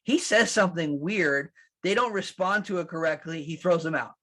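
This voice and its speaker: Animated conversational man preaching. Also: on the high side, moderate pace. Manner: animated, acts out quotes, laughs at his own lines; conversational, with repeated restarts. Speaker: pastor. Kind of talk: sermon.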